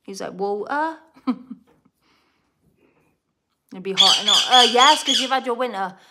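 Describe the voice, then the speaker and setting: Slow, rambling British woman with squawking parrots. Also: on the high side, heavy background noise. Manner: rambling and chatty, scolding her bird between sentences. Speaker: pet bird owner and channel host. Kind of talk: casual live chat with viewers. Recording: loud parrot squawks and clicks behind her.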